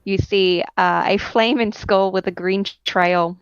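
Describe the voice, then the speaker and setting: Hesitant woman game master, smooth voice. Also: mid-range voice, fairly even intonation, a little slow, no room sound, highs cut off. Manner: hesitant, many ums and uhs. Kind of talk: narrating a tabletop game.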